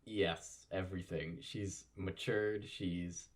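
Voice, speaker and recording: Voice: low voice, steady tone, slow. A podcast co-host chatting casually and enthusiastically about a drama, laughing easily. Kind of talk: casual chat recapping a drama.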